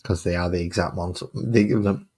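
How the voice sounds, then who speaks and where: Guy, low and husky, chatting casually to his stream while painting, with dry sarcastic mutters. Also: fairly even intonation, moderate pace, mellow. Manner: mutters sarcastic asides to himself.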